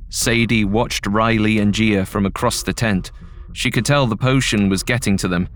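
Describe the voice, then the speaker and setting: Low-voiced man narrating a horror story. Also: fairly bright tone. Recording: faint music bed.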